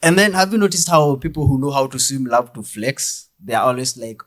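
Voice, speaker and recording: A young Kenyan man with a Kenyan accent performing a deadpan stand-up comedy set, mixing English and Swahili. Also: mid-range voice, normal speed, hardly any pauses.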